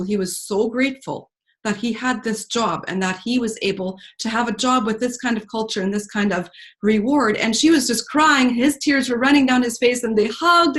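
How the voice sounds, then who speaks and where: A woman telling an emotional story to a group in an earnest, talkative way, with many fillers. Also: fairly high pitch. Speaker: speaker at a team retreat.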